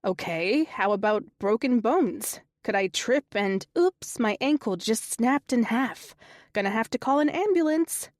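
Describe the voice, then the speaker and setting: A woman's voice: fairly high pitch, animated, measured pace, darkish tone, no echo, studio quality. A woman narrator voicing a sassy, playful young woman with a teasing, upbeat way of talking.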